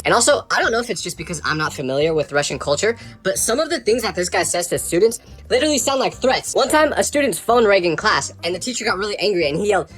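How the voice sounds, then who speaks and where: A man telling funny first-person stories with an animated, exasperated comic delivery. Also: high-pitched, quick pace, hardly any pauses, faint music behind. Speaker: storyteller. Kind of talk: comedic first-person storytelling.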